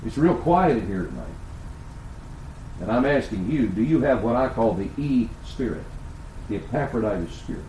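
A man preaching a sermon, swinging between hushed, intimate asides and loud, emphatic declarations. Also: medium pitch, big pitch swings, normal speed, long pauses, a little hiss or hum, low-quality recording. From United States. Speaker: pastor.

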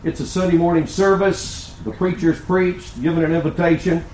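A man's voice: fairly high pitch, little pitch movement, normal speed, darkish tone, roomy sound, slight background noise, poor audio. An older man preaching a sermon, asking rhetorical questions and telling stories as the pastor. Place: church sanctuary.

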